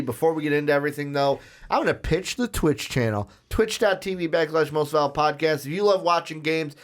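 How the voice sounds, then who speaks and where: A man hosting a casual podcast chat, excitable and rambling with lots of fillers. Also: medium pitch. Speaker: podcast host.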